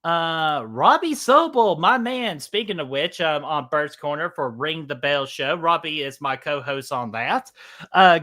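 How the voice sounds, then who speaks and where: A man's voice: a little high, bright, forceful tone. A man with a Southern US accent hosting a casual live stream, greeting chat by name, laughing and swearing casually.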